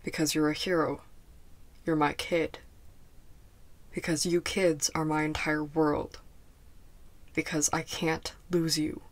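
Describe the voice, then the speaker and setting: A woman voicing a tired but caring adult male teacher, speaking slowly and gently in a fan fiction audiobook. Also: low-pitched. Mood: tender. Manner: calm, slow and gentle.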